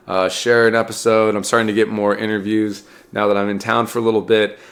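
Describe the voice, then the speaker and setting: A man's voice: fairly low pitch, steady tone, fairly quick, fairly bright tone. A man, slightly sick, hosting his own podcast in a casual, rambling monologue full of restarts and fillers. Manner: rambling, fills gaps with uh and restarts. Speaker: podcast host.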